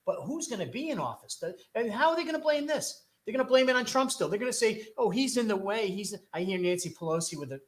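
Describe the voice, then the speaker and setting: A man's voice: high voice, a bit bright. A man hosting a talk show, delivering a rambling, impassioned political monologue full of rhetorical questions from a studio. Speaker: host.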